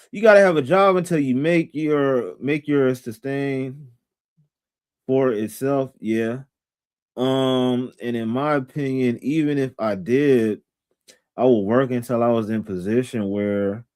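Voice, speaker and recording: Slow, slangy man hosting a live reaction. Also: mid-range voice, a little mellow. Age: 30s. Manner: slangy, joking, chats with viewers. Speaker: livestream host. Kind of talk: casual live reaction commentary.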